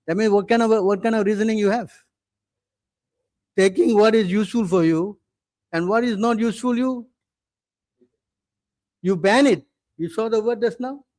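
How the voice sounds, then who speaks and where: A high-voiced man preaches a scripture class at normal speed, leaving long pauses, his tone on the darker side and the recording dry. He is a native English speaker who hammers home each point, questions his listeners constantly, and repeatedly tells them to listen.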